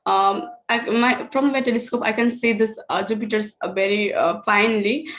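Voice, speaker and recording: A woman's voice: mid-range voice, steady tone, normal speed, fairly bright tone. A woman telling an online star party about her outreach work, speaking hesitantly with many fillers over a video call. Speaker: outreach presenter.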